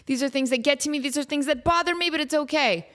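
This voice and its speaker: A woman in her thirties chatting on her own podcast into a studio mic, her voice sitting a little high. She sounds tired from just waking up, and she rambles, mocks herself and laughs easily. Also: fairly bright tone. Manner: rambling, self-mocking, quick to laugh. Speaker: podcast host. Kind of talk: casual solo podcast chat.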